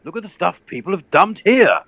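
A man's voice: high-pitched, fairly quick, no room sound, heavily acted. A man playing a pompous, blustering old colonel who hunts for bargains. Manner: blustering, posh, excitable.

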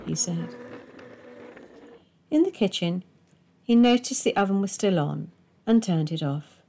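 A woman reading a dark domestic story aloud in measured, expressive audiobook narration. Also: on the low side, gravelly.

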